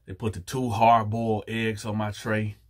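A man telling a story to his viewers, casual and animated, speaking in slang and talking straight to the audience. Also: lowish voice, moderate pace. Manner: animated, slangy, addresses listeners directly. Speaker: storyteller, channel host.

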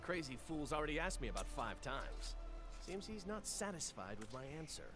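An actor playing a grumpy, suspicious male farmer who talks in a gruff, exasperated rural drawl. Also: fairly high pitch, sing-song, moderate pace, over music.

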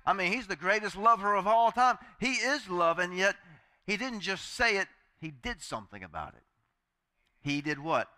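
A man's voice: sits high, sing-song, normal speed, sharp tone. A male pastor preaching a sermon in a chatty, joking way, acting out the voices he quotes.

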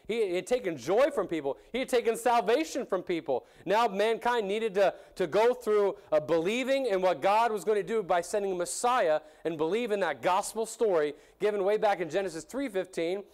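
A man's voice: high voice, animated, fairly quick, hardly any pauses, darkish tone. A man preaching a sermon in an earnest way, restarting and repeating phrases, his voice rising when he voices the crowds.

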